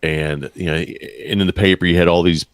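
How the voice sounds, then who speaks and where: Very deep-voiced man being interviewed. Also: steady tone, moderate pace, clean tone, dry recording. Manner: short, to-the-point remarks. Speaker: guest writer. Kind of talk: casual interview chat.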